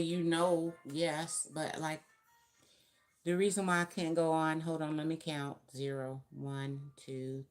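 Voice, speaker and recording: A woman with a very low voice reads tarot for her viewers in a loose, rambling way. She thinks aloud and counts out cards as she goes. Faint music plays underneath. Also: darkish tone. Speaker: tarot reader. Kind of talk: casual tarot reading to viewers.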